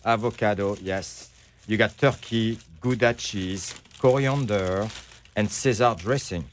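A middle-aged man with a French accent, a bakery owner chatting as a guest, who pauses often to search for English words. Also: lowish voice, a little hiss or hum. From France. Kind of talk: casual interview chat.

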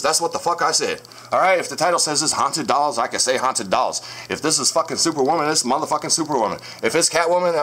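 A man's voice: mid-range voice, fairly bright tone, a little hiss or hum. Profane, combative man vlogging at home. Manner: blunt, combative, swears constantly. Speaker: paranormal vlogger. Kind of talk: profane casual vlog rant. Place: inside a house.

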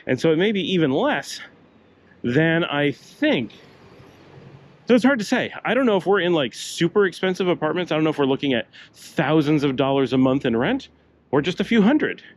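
A man's voice: on the high side, sing-song, moderate pace. Older man narrating a walk, breathing hard. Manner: chatty, rambling asides. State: breathing hard with a slight cough. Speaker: travel vlogger. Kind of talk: casual walking-tour narration. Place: city streets outdoors, walking.

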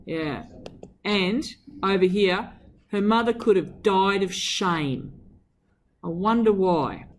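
An English teacher reads aloud from a novel and analyses it enthusiastically, putting questions to her students. She speaks slowly with wide swings of pitch and emphasis, over slight background noise.

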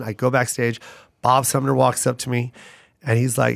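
A middle-aged man, a guest comedian, telling stories in a lively way and slipping into character voices. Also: medium pitch, fast, gravelly, no echo, studio quality. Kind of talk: conversational storytelling.

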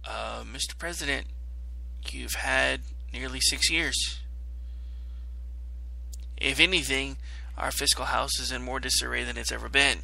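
Male talk host with a gravelly, sharp voice and a chatty, mocking delivery. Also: mid-range voice, fairly even intonation, measured pace, low-quality recording. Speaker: podcast host. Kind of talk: casual talk radio.

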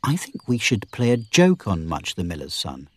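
A man's voice: low-pitched, huge pitch swings, moderate pace, fairly bright tone, husky, no room sound, pitched below the performer's own voice, full character voice. A man voicing a confident, playful male outlaw leader in a storybook reading.

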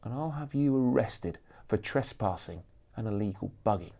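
A man voicing a gruff, growling big bodyguard. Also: mid-range voice, fairly even intonation, moderate pace, a little mellow, natural voice. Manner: growling, harsh. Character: gruff hulking male bodyguard, dry humor.

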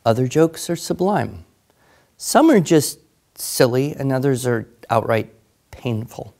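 A man's voice: mid-range voice, animated, takes it slowly, vocal fry, a little mellow. A man telling a long, silly joke with dry, wry asides along the way. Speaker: monthly joke teller.

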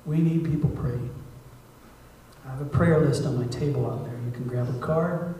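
A man preaching as a guest missionary in a church sermon, conversational, acting out prayers and dialogue, moving from hushed asides to loud appeals. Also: medium pitch, normal speed, slight background noise. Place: church sanctuary. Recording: echoey church hall, mic at a distance.

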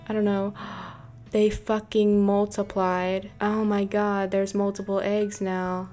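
Woman gamer, dramatic and foul-mouthed, mid pitch, let's play commentary. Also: little pitch movement, unhurried, darkish tone. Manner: dramatic, swearing, over-the-top. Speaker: gaming video creator.

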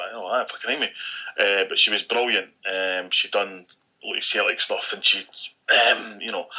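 A Scottish man chats on a podcast, telling a story. His voice is low-pitched but very bright and forceful. He acts out the dialogue of the people in the story and swears freely. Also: slightly rough, poor audio. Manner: animated storyteller acting out quoted dialogue, frequent swearing. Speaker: podcast co-host. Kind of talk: casual chat, storytelling.

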